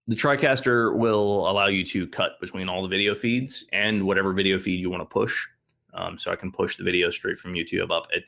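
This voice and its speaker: A man's voice: fairly low pitch, creaky, a bit bright. An American man hosting a podcast in casual, laid-back banter, swearing freely and trailing off with ums. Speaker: podcast host.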